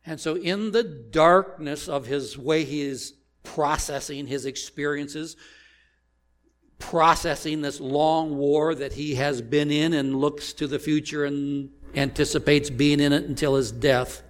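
A man preaching a sermon as pastor, slow and deliberate, asking the congregation rhetorical questions. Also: fairly high pitch, fairly even intonation.

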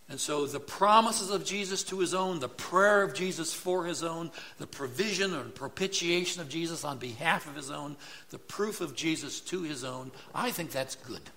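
A man's voice: a little high, pushed and bright. A middle-aged man preaching a sermon as pastor, in a conversational way, often checking in with "right?". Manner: conversational, tag questions like "right?".

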